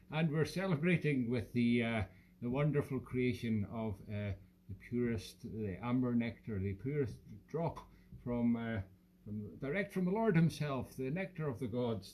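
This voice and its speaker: A man's voice: mid-range voice, a little slow, a little mellow, close to an everyday voice, poor audio. A man playing a rambling, self-mocking male whisky expert in a comic live stream, slipping into a put-on Irish-sounding lilt. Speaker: host.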